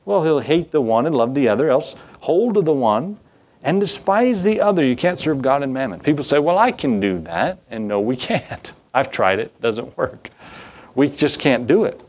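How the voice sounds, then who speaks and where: A man's voice: medium pitch, lively intonation, moderate pace, darkish tone. Man preaching a sermon, calls out questions. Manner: preaches with rising emphasis, asks the congregation questions. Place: church.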